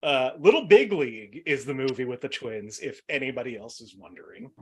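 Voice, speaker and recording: Male game show host, Boston accent, lively up-and-down delivery, rambling with fillers. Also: medium pitch, brisk, husky. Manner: rambling, laughs often, many fillers. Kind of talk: casual comedic game show banter.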